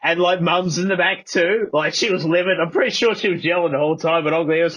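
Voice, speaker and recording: A man's voice: sits high, fairly quick, fairly bright tone. An Australian man rambling through a comic monologue in slangy, casual speech. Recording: slightly dull, muffled recording.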